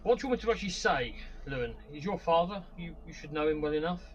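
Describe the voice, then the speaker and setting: A man's voice: on the high side, animated, quick pace, dull audio, a little hiss or hum. A man playing a tabletop game online, joking around and laughing at his own lines. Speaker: player.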